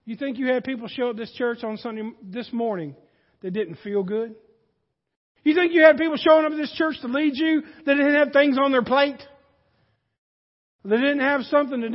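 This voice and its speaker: A man's voice: very high voice, normal speed. A man preaching a sermon in a folksy manner that rises to emphatic peaks, heard in a church sanctuary. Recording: dull, hall reverb.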